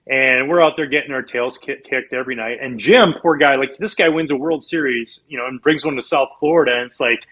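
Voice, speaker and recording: Brief: a husky former pitcher from Canada, mid-pitched, spinning loose, lively anecdotes. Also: male voice, brisk, few pauses, low-quality recording. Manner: animated, rambling with restarts and laughs. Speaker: former pro pitcher, guest. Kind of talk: casual storytelling in an interview.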